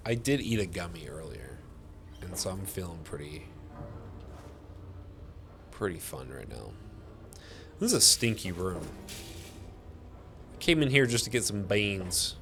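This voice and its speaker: A man's voice: low voice, expressive, a little slow, pauses often, fairly bright tone, slight background noise. A tired man giving casual gameplay commentary in a laid-back, swearing way. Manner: laid-back, sleepy, laughs easily, swears. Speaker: gameplay streamer.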